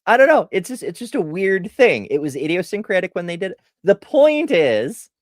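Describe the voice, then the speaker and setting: A woman's voice: lowish voice, very animated, fast, no echo, studio quality. A middle-aged woman streaming a casual question-and-answer session, rambling off on tangents and laughing at herself. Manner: rambling and tangential, self-deprecating; chatty with frequent laughs and restarts. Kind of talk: casual livestream Q&A.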